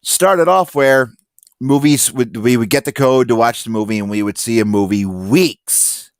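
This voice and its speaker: A man telling stories in a casual podcast chat, acting out quotes loudly. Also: medium pitch, unhurried, no echo, clean studio sound. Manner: animated storyteller, acts out quotes loudly. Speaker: podcast guest.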